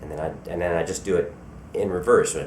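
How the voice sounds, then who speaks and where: A middle-aged man from Colorado, a voice actor talking in a relaxed, self-deprecating way during a convention interview. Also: low-pitched, quick pace. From Colorado, USA. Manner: relaxed, self-deprecating, repeats words when starting thoughts. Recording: echoey convention room with faint background noise.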